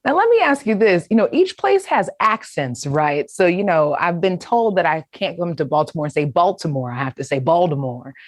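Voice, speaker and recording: A woman's voice: fairly low pitch, very animated, no echo, studio quality. A woman hosting an interview, asking playful questions in an upbeat way. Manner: upbeat, playful, quick to laugh. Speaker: host, interviewer.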